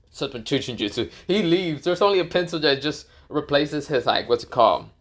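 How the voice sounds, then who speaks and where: A man's voice: on the high side, expressive, a little fast, fairly bright tone. Man rambling through a fan story. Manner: rambling, laughing, swearing, filler-heavy. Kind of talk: casual fan-fiction storytelling.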